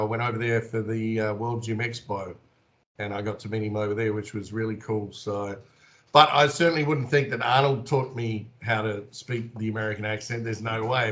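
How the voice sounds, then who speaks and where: A man's voice: medium pitch, bright, forceful tone. Laid-back Australian man on a dull line. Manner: laid-back, chatty, laughs easily. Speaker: wrestler and actor, interview guest. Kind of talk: relaxed storytelling in conversation.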